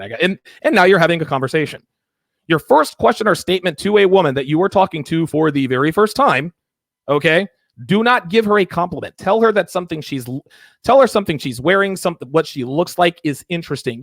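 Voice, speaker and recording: A man's voice: fairly high pitch, big pitch swings, brisk, dry recording, clean studio sound. A man hosting a call-in dating advice show, emphatic and repetitive, often acting out little mock dialogues. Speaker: host.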